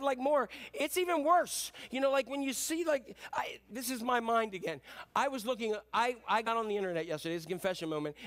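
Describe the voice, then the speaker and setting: A man in his fifties preaches in a notably high voice, telling stories at his own expense. His delivery is loose and folksy, full of fillers and asides. The talk is a sermon to a congregation. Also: fairly bright tone. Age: 50s. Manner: self-deprecating, folksy storytelling with many fillers. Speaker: pastor.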